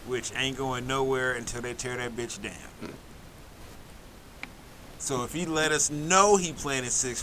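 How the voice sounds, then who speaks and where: A man's voice: medium pitch, pushed and bright, slight background noise, poor audio. A man co-hosting a casual sports podcast, joking loosely and trash-talking rival teams. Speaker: podcast co-host.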